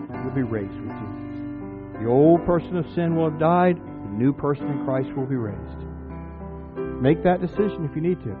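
A man preaching a sermon to his congregation as its pastor, urging them on with earnest repeated exhortations and rhetorical questions. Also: mid-range voice. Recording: tinny phone-like sound with faint music.

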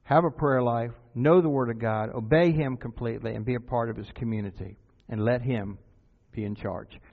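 A gravelly-voiced pastor of medium pitch speaks at a moderate pace, exhorting his congregation again and again and posing rhetorical questions. His sermon comes through tinny and phone-like, with music faintly behind it.

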